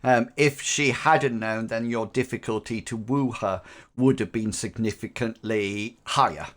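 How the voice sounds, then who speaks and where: A man's voice: mid-range voice, a little slow, fairly bright tone. A man narrating as game master for a tabletop game, rambling with lots of ums and likes. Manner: rambling, filler-heavy, laughs easily.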